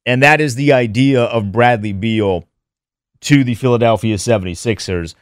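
A man hosting a sports radio show, laying out his points in a measured, matter-of-fact way. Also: medium pitch, no echo, studio quality. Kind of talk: sports talk radio banter.

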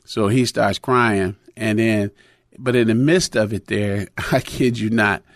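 A man's voice: lowish voice, unhurried, no echo, clean studio sound. A middle-aged man preaching in a conversational sermon, telling a personal story with many fillers and restarts.

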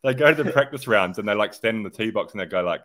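Deep aussie bloke rambling on a podcast, loose and sweary. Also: male voice, animated, quick pace, fairly bright tone. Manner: rambling, laid-back, sweary. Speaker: podcast co-host. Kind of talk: casual chat.

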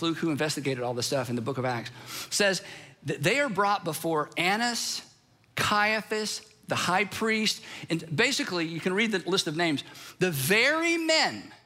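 A middle-aged man preaching a sermon, telling the story with animated energy and acting out the quotes. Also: high-pitched. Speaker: pastor.

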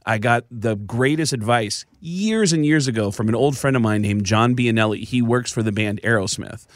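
Animated American comedian telling stories. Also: male voice, mid-range voice, moderate pace, no echo, clean studio sound. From United States. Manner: animated, jumps into voices. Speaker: comedian guest. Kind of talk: casual storytelling interview.

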